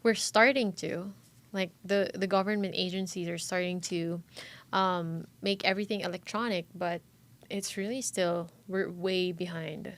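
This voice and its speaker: A woman's voice: fairly low pitch, steady tone, fairly bright tone. A woman from the Philippines, co-hosting a podcast in casual chat, hedging her points and laughing easily. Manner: chatty, hedging, quick to laugh. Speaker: podcast co-host.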